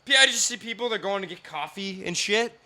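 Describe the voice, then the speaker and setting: A young man, talking on a podcast in a fairly high, very bright and cutting voice. He rants loudly and swears freely, slipping into mocking impressions of other people. The tone is casual, animated and heated. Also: brisk. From Canada. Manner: profane, ranting, mimics others in put-on voices. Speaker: podcast guest.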